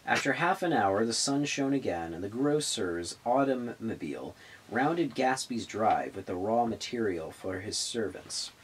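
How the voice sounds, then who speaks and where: A man's voice: on the low side, animated, measured pace, slight background noise, poor audio. A man reading a novel aloud, stumbling over words and restarting lines. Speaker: reader of a novel on a public access show.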